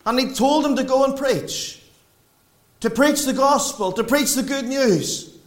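A man preaching a sermon in a church, swinging between raised emphatic lines and quiet low passages. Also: unhurried. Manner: preaching with wide swings in pitch and loudness. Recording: echoey room.

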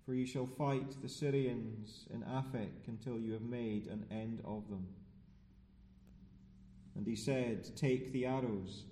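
Slow, solemn preacher in a reverberant hall. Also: male voice, medium pitch, warm tone, distant mic. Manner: slow, measured, solemn delivery. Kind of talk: sermon with scripture reading. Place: church sanctuary.

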